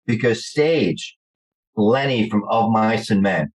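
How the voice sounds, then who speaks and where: A middle-aged man with a New Jersey accent, telling lively stories in an interview and acting out the people in them. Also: fairly low pitch, takes it slowly, rough recording. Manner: animated storyteller acting out quoted voices. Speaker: guest actor. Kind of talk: storytelling interview chat.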